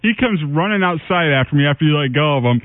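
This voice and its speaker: A man's voice: fairly high pitch, expressive, fast, no echo, long reverb tail. A man co-hosting a radio show, laid-back and chuckling as he tells his side. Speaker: radio co-host. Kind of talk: radio banter. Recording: narrow phone-like radio broadcast.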